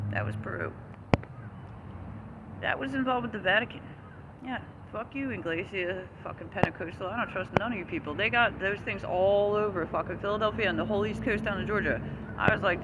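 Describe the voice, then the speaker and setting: A man's voice: high-pitched, animated, normal speed, long pauses. A man delivering an agitated, profane, rambling rant as a vlogger. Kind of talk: angry ranting monologue. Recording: street noise outdoors.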